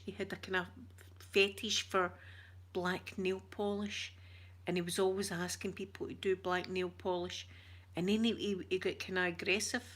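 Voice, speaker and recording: A Scottish woman chatting with her viewers on a live stream, switching between whispers and soft talk. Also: mid-range voice. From Scotland. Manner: uses Scottish words like wee.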